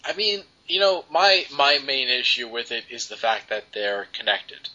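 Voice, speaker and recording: A man's voice: medium pitch, steady tone, moderate pace, bright, forceful tone. A man co-hosting a podcast, reviewing comics in casual chat with many ums and restarts. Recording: dull lo-fi podcast audio.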